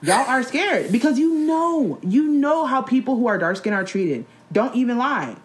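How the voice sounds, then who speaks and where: A young woman in casual chat, blunt and animated, talking in slang with many "like"s. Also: a little high, moderate pace.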